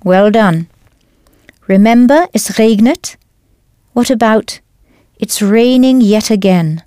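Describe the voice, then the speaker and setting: A woman teaching a language lesson in a clear, careful scripted delivery, spelling out words as she goes. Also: a little high, slow pace, warm tone, dry recording, clean studio sound.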